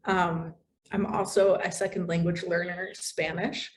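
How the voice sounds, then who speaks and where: An American woman guest talks in a chatty, animated way, with plenty of fillers along the way. Her voice sits fairly low. A faint hiss of noise runs under the recording. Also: measured pace. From United States. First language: English. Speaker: podcast guest, content writer. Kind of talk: casual interview chat.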